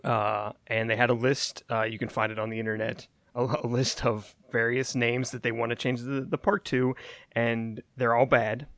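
Mid-pitched rambling man, dry sound. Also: level tone, normal speed, fairly bright tone, dry recording. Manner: rambling, hedging explanations with fillers. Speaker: podcast co-host. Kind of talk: casual conversational chat.

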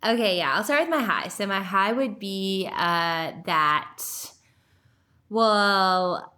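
A woman's voice: mid-range voice, expressive, slow, bright, forceful tone. A young woman hosting a faith podcast in casual, upbeat chat. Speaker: podcast host.

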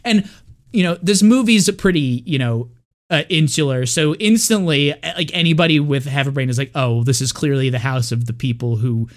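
A man co-hosting a podcast, casually recapping a movie in a relaxed, rambling way full of fillers. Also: fairly high pitch, normal speed. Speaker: podcast co-host.

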